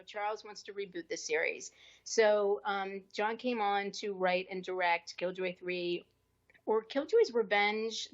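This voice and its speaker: An actress from the US East Coast, guesting on a podcast, tells a story in a middle-pitched voice, lively and chatty, switching into little voices whenever she quotes someone. The audio is slightly dull and muffled, like a modest home podcast setup.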